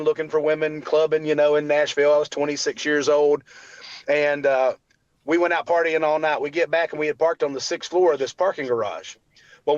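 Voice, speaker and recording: A man's voice: on the high side, no echo, highs cut off. A man in his forties, a guest telling his personal story earnestly, with faith woven in and other people's words acted out. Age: 40s. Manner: earnest, faith-filled, acts out quotes of others.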